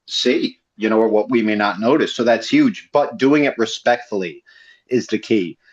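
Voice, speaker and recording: A man on an online voice call, speaking in an earnest, measured way. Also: on the low side, highs cut off. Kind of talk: casual voice chat.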